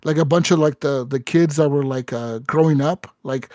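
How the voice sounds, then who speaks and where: A man hosting a casual podcast, telling a story animatedly with lots of swearing and "right?" fillers. His voice sits a little higher than average. The recording is dry and close. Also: moderate pace, darkish tone, dry recording. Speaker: podcast host. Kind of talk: casual chat.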